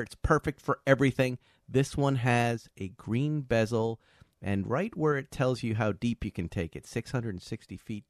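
A man hosting a podcast, chatting casually and reading sponsor ads with lively energy. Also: mid-range voice, dry recording, clean studio sound. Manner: chatty, animated, laughs often. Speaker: podcast host. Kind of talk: casual chat with sponsor read. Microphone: video call.

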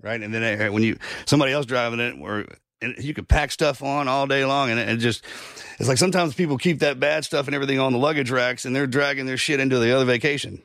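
A man hosting a casual podcast who talks quickly in a gravelly voice. He rambles through folksy, homespun analogies and swears casually. The recording is close and dry. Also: mid-range voice, a bit bright, no echo. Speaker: podcast host.

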